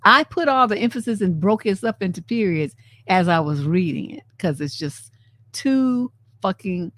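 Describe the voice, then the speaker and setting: A woman relationship coach hosting a live stream, talking in a blunt, sassy, profane and animated way. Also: medium pitch, moderate pace. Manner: animated, laughs often. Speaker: relationship coach and show host. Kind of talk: casual live-stream commentary.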